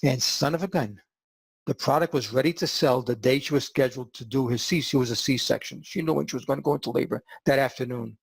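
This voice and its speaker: A man hosting a podcast and telling a story in an animated way, acting out the quotes. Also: mid-range voice, quick pace, gravelly, slightly rough, dry recording. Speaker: podcast host.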